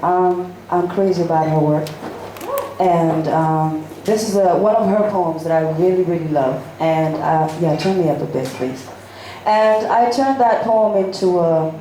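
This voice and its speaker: A woman's voice: on the low side, mellow, a little hiss or hum. A woman performing poetry live in a cafe, earnest in her verse and chatty between pieces. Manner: earnest pleading verse, then chatty intro with fillers. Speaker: spoken word poet. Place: cafe stage. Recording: very echoey room.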